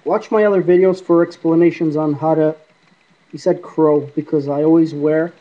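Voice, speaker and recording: A man with a fairly high voice and fairly even intonation rambles casually to the camera at a moderate pace in a paranormal app vlog, answering unseen spirits as he goes. It's a dull lo-fi recording made on an iPod camera mic.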